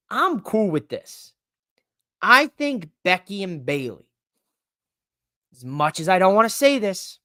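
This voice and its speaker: A man hosting a live-streamed podcast in a casual, excitable, rambling way, with emphatic bursts. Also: on the high side, no room sound, studio quality. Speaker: podcast host.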